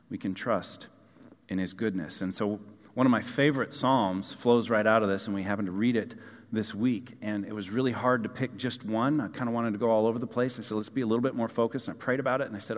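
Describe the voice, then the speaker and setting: A man preaching a sermon as a pastor, earnest, repeating key phrases and letting line endings fall soft. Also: on the low side. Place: church sanctuary. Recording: long hall reverb.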